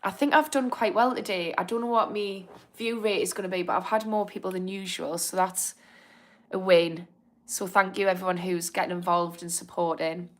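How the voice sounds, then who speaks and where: A young woman with a Northern English accent hosts a live stream, chatting casually and reading out viewer comments. Her voice is lowish and steady at a normal pace, and she comes across as apologetic and encouraging, laughing easily.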